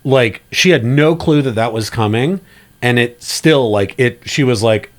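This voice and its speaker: A man co-hosting a film podcast, chatting casually with animated asides. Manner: animated, bouncing pitch, quick asides.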